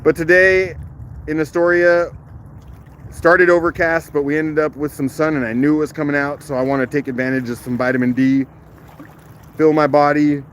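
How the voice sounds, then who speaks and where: A man hosting a casual live stream outdoors on a rocky shoreline, chatting, greeting viewers by name and laughing easily, recorded on a phone held in one hand, his voice a little rough from the morning. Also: on the high side, flat delivery, normal speed, a bit bright, slight background noise. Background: faint outdoor waterside ambience.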